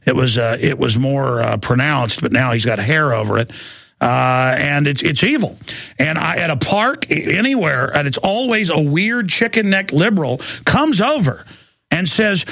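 A man's voice: a little high, animated, normal speed, gravelly, a bit bright, no room sound. A middle-aged man hosting a talk radio show, ranting heatedly and often stammering and repeating his words.

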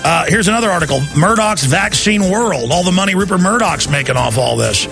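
A man's voice: high voice, animated, a little fast, vocal fry, music in the background. A man hosting a talk radio show, delivering an urgent, pleading monologue.

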